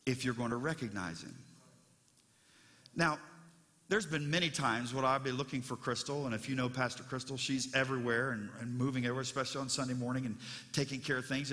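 A man's voice: fairly high pitch, pushed and bright, big-room sound. A man preaching a sermon as pastor of his church, conversational and storytelling, with frequent restarts.

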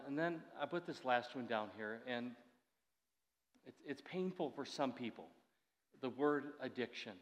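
Older guy in his 60s giving a sermon, bit high voice, long echo off the hall. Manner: conversational preaching with asides and restarts. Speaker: pastor.

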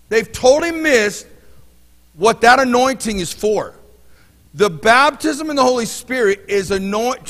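A man's voice: sits high, a bit bright. A man preaching a sermon as pastor, talking in a loose, conversational way with personal stories and frequent restarts. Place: church sanctuary. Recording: long hall reverb.

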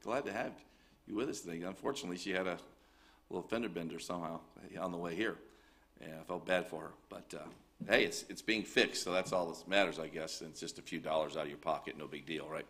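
Low-voiced folksy male pastor. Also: quick pace, a bit bright. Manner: folksy, rambling, with many fillers. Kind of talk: church service announcements.

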